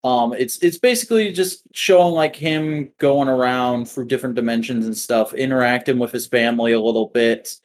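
A man chatting casually about comics on a podcast, offhand and quick to swear. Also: medium pitch, slight background noise. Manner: swears freely, rambling and offhand. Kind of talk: casual chat.

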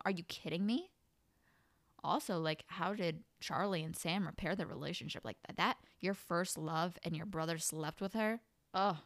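A woman's voice: mid-range voice, normal speed, no echo. Chatty, exasperated young woman podcaster. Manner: chatty, animated, exasperated asides. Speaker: podcast host. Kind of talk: casual book review monologue.

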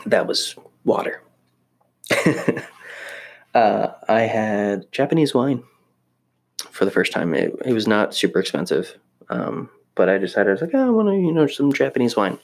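A young man talks casually in a vlog, rambling and poking fun at himself. His voice sits a little low, and he often stops and restarts his sentences. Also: very animated, moderate pace, vocal fry, pauses often. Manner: rambling, self-deprecating, many restarts. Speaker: vlogger living in Japan. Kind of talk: casual chat to camera.

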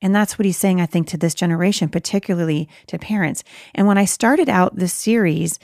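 A woman's voice: on the low side, fairly quick, creaky, a little mellow, dry recording, studio quality. A middle-aged woman giving an earnest Christian parenting talk, conversational and emphatic, with rhetorical asides. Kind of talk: earnest faith-based teaching talk.

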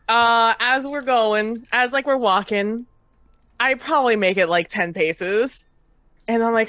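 A woman's voice: on the high side, animated, a little slow, a bit bright, no room sound. A woman playing a tabletop role-playing game, talking brashly and swearing casually. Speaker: player. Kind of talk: tabletop role-play chat.

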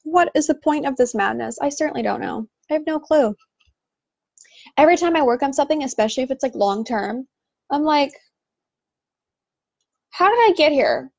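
Exasperated woman host with a gravelly voice. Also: sits high, expressive, normal speed, long pauses, darkish tone, dry recording. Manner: exasperated, sarcastic, lots of "like". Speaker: podcast host. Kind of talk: casual ranting monologue.

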